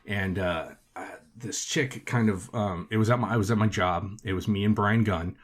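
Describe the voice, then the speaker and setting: Casual male podcast host, lower pitch, loose and profane, lots of filler words. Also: fairly even intonation, moderate pace, husky. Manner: profane, filler-heavy with frequent "like". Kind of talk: casual storytelling.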